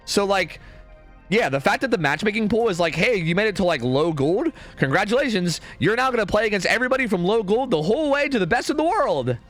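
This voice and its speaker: Rambling young male streamer, lively pitch. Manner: rambling, full of "like" and "dude", swearing. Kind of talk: casual rant to a stream.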